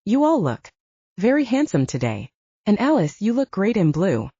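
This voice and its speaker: A woman's voice: medium pitch, huge pitch swings, normal speed, mellow, no room sound, heavily acted. A woman playing a proud young lady lawyer. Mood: polite. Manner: assertive, crisp courtroom delivery. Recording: slightly muffled lo-fi recording.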